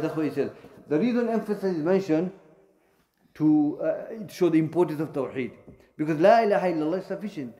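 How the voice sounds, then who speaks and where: A man with a fairly high, mellow voice teaches a religious lesson in a mosque and answers students. He explains in short, repeated phrases with many fillers, and the room is echoey.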